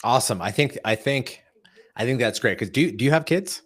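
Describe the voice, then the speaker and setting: A male podcast host with a mid-range voice. He keeps the talk casual, enthusiastic and full of quick asides while he questions his guest. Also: medium pitch, expressive, fairly bright tone.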